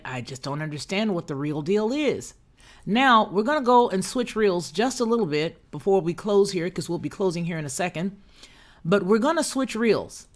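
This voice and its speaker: A woman hosting a casual live news commentary, reading quotes aloud with sarcasm and chatting with her viewers. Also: lowish voice.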